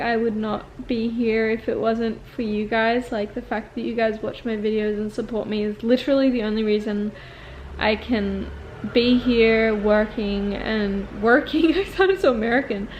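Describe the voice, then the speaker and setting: A woman's voice: a little high, muffled recording, a little hiss or hum. A woman in her twenties talking to her viewers in a casual confessional vlog, chatty and rambling with lots of "like" fillers. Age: 20s. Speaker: vlogger and acting student.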